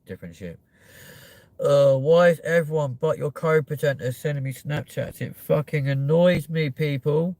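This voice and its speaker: A man's voice: fairly high pitch, normal speed, darkish tone, dry recording. A young man hosting a live stream, chatting casually and joking with viewers, with plenty of swearing. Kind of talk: rambling live-stream chat.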